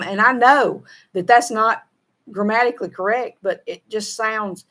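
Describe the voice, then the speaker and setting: Animated and fairly high-pitched at a normal speed, this middle-aged woman co-hosts a show, chatting casually as she reads viewer comments. She has a Southern American accent from the Southern United States, sounds folksy, laughs often and runs her words together.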